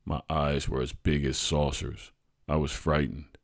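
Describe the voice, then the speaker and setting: A man hosting a podcast, reading a true family story aloud in an expressive, animated way. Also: very deep voice, unhurried, vocal fry, no room sound, studio quality. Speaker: podcast host and narrator.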